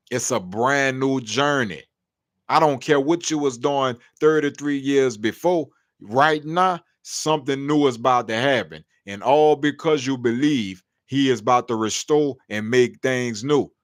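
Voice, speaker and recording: A man's voice: medium pitch, no echo, clean studio sound. A man in his thirties, a podcast host preaching in a slangy street style who keeps checking in with the listener.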